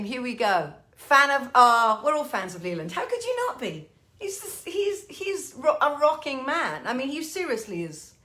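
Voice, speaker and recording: A woman's voice: a little high, a bit bright. A woman musician hosting a livestream from her home piano, chatting casually with viewers, swearing freely and mocking herself. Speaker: singer-pianist hosting a livestream show. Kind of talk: casual chat to online viewers.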